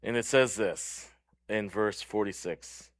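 A man preaching a sermon in an earnest way, moving between loud stressed words and hushed low lines, and often asking his listeners "right?". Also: slow pace, dry recording. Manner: checks in with the crowd by asking "right?". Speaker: pastor.

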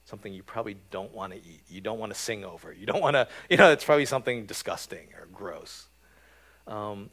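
A man preaching a sermon in a relaxed, conversational way, often checking in with his listeners with "right?" and filling pauses with "um". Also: mid-range voice. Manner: conversational, frequent "right?" and "um" fillers. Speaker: pastor.

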